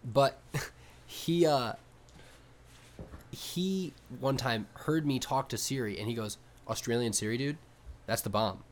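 A young man co-hosting a podcast, telling stories in a casual, animated way with swearing. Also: medium pitch, takes it slowly, long pauses. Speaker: podcast co-host. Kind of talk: casual chat.

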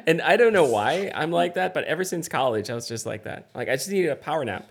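A man co-hosting a casual podcast over a video call, relaxed, stammering and laughing a lot. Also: on the high side, fast talker. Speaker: podcast co-host. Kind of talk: casual chat.

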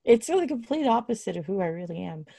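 Rambling woman guest with a creaky voice. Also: mid-range voice, big pitch swings, fast talker, warm tone, no echo, clean studio sound. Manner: rambling, self-deprecating, heavy use of "like". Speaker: podcast guest, content creator. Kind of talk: casual interview chat.

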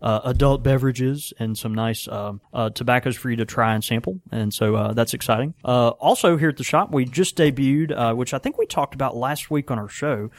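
A man's voice: medium pitch, brisk, few pauses, no room sound. A man, co-hosting a casual podcast chat and laughing easily between thoughts. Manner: laughs often, animated impressions. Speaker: podcast co-host and pipe shop keeper.

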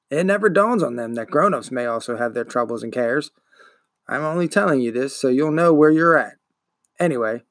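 A man doing a gruff old curmudgeon bookseller. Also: medium pitch, no echo, clean studio sound. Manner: growling, disdainful, slow and grumbling. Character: gruff grumbling old male bookseller, pipe-smoking, curmudgeonly.

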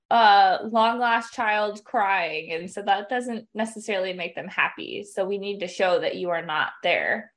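A woman's voice: fairly high pitch, a bit bright. A woman player speaking in character in a tabletop game, playful and joking.

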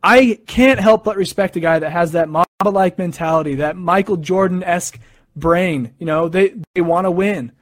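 A young man talking casually about basketball, telling stories in an excited, animated way. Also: sits high, dry recording. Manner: excited, animated storytelling with quick asides. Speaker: sports fan sharing opinions. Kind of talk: casual monologue.

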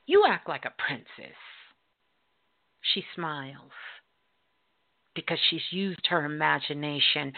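A middle-aged woman radio host telling a story in a slow, drawn-out, emphatic way. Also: sits low. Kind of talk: storytelling talk. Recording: tinny phone-like line.

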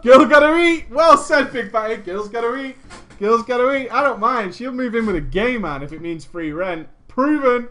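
Woman reading with lively sarcastic asides. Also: medium pitch. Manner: sarcastic asides, frequent laughter. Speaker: story reader and commentator. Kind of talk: casual reading of a gaming story with commentary.

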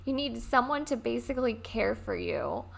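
A young woman hosting a podcast, chatting casually, laughing often and retelling stories in an animated way. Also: on the high side, moderate pace, gravelly. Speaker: podcast host. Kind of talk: casual chat.

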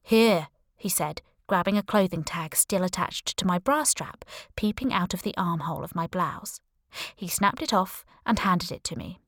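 A woman's voice: on the low side, moderate pace, fairly bright tone, dry recording, clean studio sound. A woman narrating a first-person audiobook in a wry, breezy storytelling manner.

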